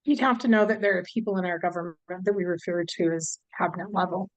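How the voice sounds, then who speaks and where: A woman taking part in an online workshop, speaking quickly and matter-of-factly. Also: fairly low pitch, fairly even intonation, muffled recording. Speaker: workshop participant. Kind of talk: casual discussion. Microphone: video call.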